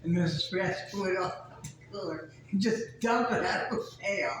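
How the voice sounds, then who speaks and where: A man's voice: sits high, fairly quick, a bit bright. An older man reminiscing about his childhood in a casual group conversation. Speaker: group member. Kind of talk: casual storytelling. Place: community center meeting room. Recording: echoey room, clear background noise.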